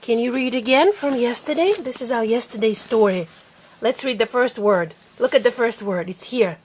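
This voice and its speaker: A woman teaching her young child to read at home, patient and coaxing, sounding out letters slowly and repeating them. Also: on the high side, a little mellow, a little hiss or hum. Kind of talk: home reading lesson.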